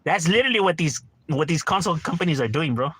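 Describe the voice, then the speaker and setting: A man's voice: on the high side, lively intonation, fast talker, fairly bright tone, husky, no echo. A middle-aged man streaming a game from home, ranting casually with lots of profanity and constant "bro.". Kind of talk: casual livestream rant.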